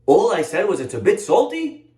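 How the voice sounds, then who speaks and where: A man voicing an elderly, revered male rabbi who is outraged and anguished, with shouting, pleading cries. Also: sits high, wildly swooping pitch, moderate pace, voice pushed up. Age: 70s. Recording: echoey room.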